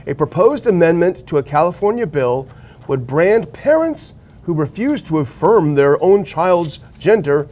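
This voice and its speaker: A man's voice: on the high side, very animated, a little slow, a little mellow. A man co-hosting a political talk show, reading news articles aloud and adding blunt remarks of his own. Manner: reads article quotes and adds blunt remarks. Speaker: show co-host.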